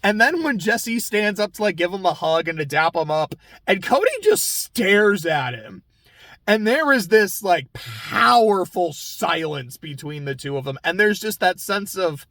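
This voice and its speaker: Chatty, fairly high-voiced man. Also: very animated, unhurried, sharp tone, dry recording. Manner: chatty and candid, swears freely. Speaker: reality TV recap host. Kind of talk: casual episode recap commentary.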